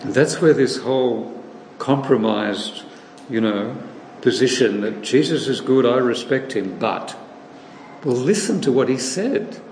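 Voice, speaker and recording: A man preaches in a large, echoing hall, his voice carrying a long reverb. He speaks slowly and deliberately, circling back to repeat key phrases, with a faint hum of the room behind him. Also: medium pitch, lively intonation, a little mellow. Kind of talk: sermon. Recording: echoey hall, slightly distant, faint room noise.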